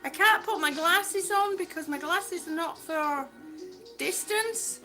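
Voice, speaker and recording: With background music behind her, a woman rambles through a casual livestream chat on a walk, laughing frequently and admitting she's a waffler. She talks slowly, in a very high voice with a sharp tone.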